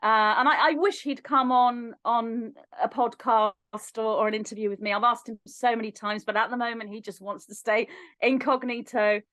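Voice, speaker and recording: Animated woman telling her story. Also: a little high, moderate pace, dry recording. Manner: animated, acts out remembered dialogue with lively shifts in voice. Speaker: podcast guest. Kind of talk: personal storytelling in a podcast interview.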